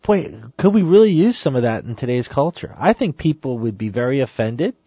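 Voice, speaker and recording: A man's voice: mid-range voice, sing-song, brisk, warm tone, husky, no room sound. A man giving an emphatic Catholic teaching talk on a saint's sermon, exhorting listeners and reading passages aloud. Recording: dry, dull lo-fi sound.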